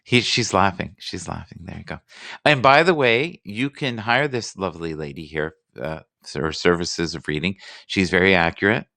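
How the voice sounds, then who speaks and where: A man's voice: low-pitched, normal speed, vocal fry, pushed and bright, dry recording, clean studio sound. A man hosting a casual live stream, joking and rambling playfully with his guests.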